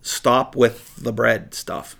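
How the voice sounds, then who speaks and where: A man teaching through a Bible passage in a sermon, reading verses aloud and then paraphrasing them in a lively, conversational way. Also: medium pitch, slow, vocal fry. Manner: animated, reads scripture aloud then paraphrases it conversationally, laughs often.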